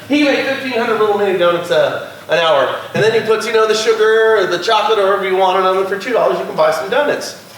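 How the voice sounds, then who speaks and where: A Californian man visits a class as a guest speaker and tells chatty anecdotes, acting out quotes and laughing often. His voice is high, a bit bright, and fast. The room echoes, he is far from the mic, and there is faint background noise.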